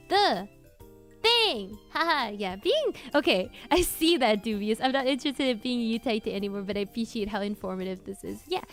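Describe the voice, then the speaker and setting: A young woman hosting a casual live Q&A about singing covers, chatty and self-correcting with lots of fillers. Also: on the high side.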